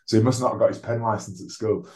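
A man's voice: lowish voice, steady tone, fast talker, a little mellow. A man, a rugby league player telling his own story as a podcast guest, frank and self-deprecating, swearing freely. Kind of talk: candid conversational storytelling. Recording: roomy echo.

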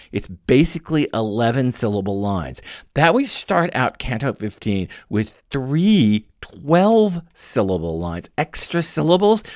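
Lively, thoughtful man lecturing. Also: no room sound, studio quality. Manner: thinks aloud, asks rhetorical questions, varied pitch. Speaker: podcast host lecturing on poetry. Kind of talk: lecture-style podcast talk.

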